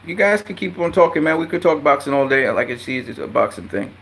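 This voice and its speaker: A man giving a casual, heated, profane rant about boxing, blunt and swinging up into loud, high outbursts. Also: sing-song, fast, gravelly. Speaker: boxing commentator. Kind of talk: casual ranting commentary.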